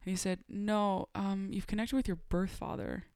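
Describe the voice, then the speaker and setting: A young adult woman on a podcast telling a personal story in a casual, animated way. She laughs often and acts out the dialogue she quotes. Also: mid-range voice, normal speed, clean tone, no room sound, clean studio sound. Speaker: podcast guest.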